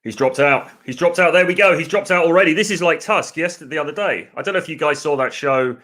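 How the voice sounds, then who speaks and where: A man's voice: a little high, fast talker, fairly bright tone. A man hosting a live video-call chat show, talking in a chatty, rambling way with light teasing. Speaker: podcast host. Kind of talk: casual live-stream chat.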